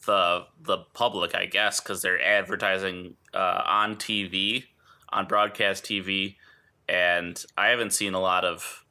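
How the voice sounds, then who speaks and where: A man with a lowish, very forceful voice co-hosting a podcast. He chats casually and tosses in deadpan wisecracks. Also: measured pace. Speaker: podcast co-host. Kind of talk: casual chat.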